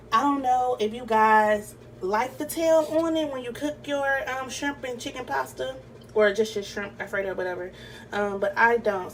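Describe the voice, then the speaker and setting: A young woman, chatting through a home cooking tutorial and calling the viewers y'all. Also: a little high. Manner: chatty, addresses viewers as y'all and you guys. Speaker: cooking vlogger. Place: home kitchen. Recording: slightly distant camera mic, faint room noise.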